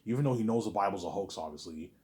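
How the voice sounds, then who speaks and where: A man's voice: on the low side, lively intonation, rapid-fire, darkish tone. A young man rambling to camera in a monologue, stammering and repeating himself, trailing off on a mumbled "obviously.". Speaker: vlogger.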